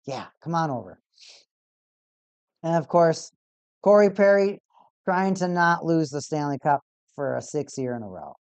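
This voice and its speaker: A streamer casually commenting on a live hockey game for a watch party, getting excitable over goals and repeating stats aloud. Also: medium pitch, moderate pace, clear, resonant tone, no echo. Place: home streaming setup.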